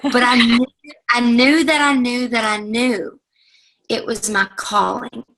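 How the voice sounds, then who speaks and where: Earnest woman in her forties, gravelly. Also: on the high side, fairly even intonation, slow pace, fairly bright tone, rough recording. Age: 40s. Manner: earnest and heartfelt, addressing listeners directly. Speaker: motivational speaker. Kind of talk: personal story talk to an audience.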